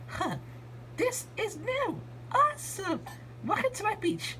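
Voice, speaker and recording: A woman voicing a cheerful, sunny female living block with a bright, friendly manner. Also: very high-pitched, big pitch swings, slow, slight background noise, pitched above the performer's own voice, full character voice.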